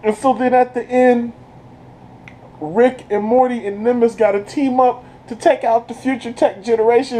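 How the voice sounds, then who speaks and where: A man giving an excited, casual recap as a video reviewer, breaking into laughter and breathless from it. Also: extremely high pitch, slight background noise, poor audio. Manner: keeps breaking into laughter while retelling.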